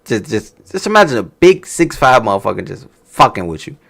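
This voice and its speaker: A man with a medium-pitched, brisk voice and some vocal fry casually reviews a wrestling show. He's animated and profane, telling loose stories and laughing along in relaxed reaction chat.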